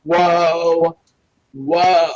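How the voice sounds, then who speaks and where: A woman's voice: on the low side, little pitch movement, drawn-out words, a little mellow, no room sound. A woman co-hosting a casual talk show, cutting in with blunt, teasing comebacks. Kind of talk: casual chat. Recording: dull, lo-fi, dry stream audio.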